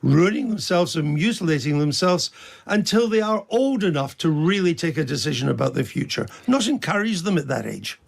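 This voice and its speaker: A male interviewer presses his guest with pointed questions. His voice is gravelly and husky, slightly raised, and rises and falls a lot as he speaks. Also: a little high, expressive, fairly quick. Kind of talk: challenging broadcast interview.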